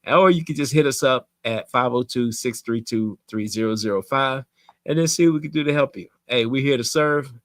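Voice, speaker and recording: A man's voice: mid-range voice, a little fast, no echo. Man, real estate coach, preachy and emphatic, dry close mic. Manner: emphatic, preachy, repeats for effect. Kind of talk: livestream coaching talk.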